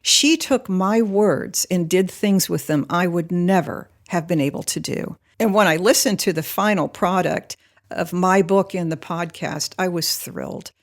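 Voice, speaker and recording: A woman's voice: fairly low pitch, unhurried. A middle-aged American woman, an audiobook narrator, talking informally and upbeat in a professional studio. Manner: chatty, upbeat, explaining. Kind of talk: informal talk to camera.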